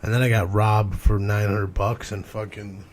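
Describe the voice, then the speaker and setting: Young guy podcast host, low voice, swears a lot telling stories, bit of background hiss. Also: level tone, normal speed. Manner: rambling, profane storytelling with laughs. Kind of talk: casual chat.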